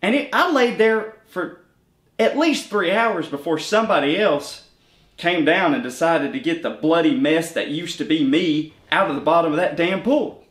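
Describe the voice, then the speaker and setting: A man's voice: a little high, normal speed, a bit bright, echoey room, natural voice. A man playing a bitter, crippled male former bandmate, telling his story with crude, sardonic humor in a mockumentary interview.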